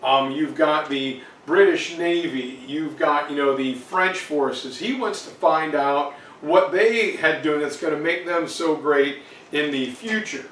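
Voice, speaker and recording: A man's voice: on the high side, measured pace, fairly bright tone. Casual man giving a history review. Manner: casual, digressive, many fillers. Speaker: history teacher. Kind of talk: exam review lecture. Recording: roomy, distant mic, faint noise.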